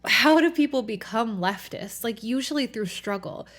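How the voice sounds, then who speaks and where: A woman's voice: on the high side, expressive, moderate pace, a bit bright. Reflective woman podcast host, casual. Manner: casual, thoughtful, many "like" fillers. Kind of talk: reflective solo podcast talk.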